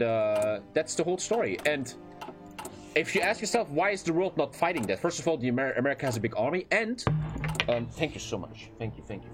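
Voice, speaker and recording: Young streamer dude rambling and cussing, voice jumps all over, some music in the back. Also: male voice, mid-range voice. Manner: rambling, profane, with filler phrases. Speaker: game streamer. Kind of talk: casual livestream chat while gaming.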